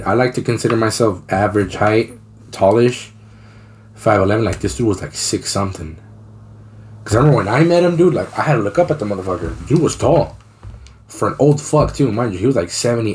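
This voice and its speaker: A man's voice: fairly low pitch, darkish tone, a little hiss or hum. A young man co-hosting a podcast, telling a story in casual, slangy, profane talk. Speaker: podcast co-host.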